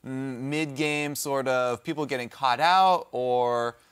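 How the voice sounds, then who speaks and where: A man giving esports desk analysis, slow and hesitant with many fillers. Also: mid-range voice, smooth.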